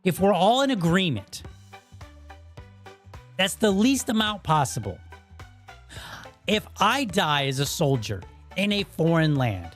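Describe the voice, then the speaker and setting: A man's voice: on the high side, fairly bright tone. A man hosting his own podcast, delivering a blunt, heated opinion monologue. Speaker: podcast host.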